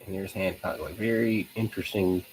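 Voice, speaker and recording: A man's voice: low voice, steady tone, fairly quick, a little mellow, breathy edge, low-quality recording. A young man hosting a live online show, chatting casually in a rambling way with frequent restarts and laughs. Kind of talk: casual live-stream chat.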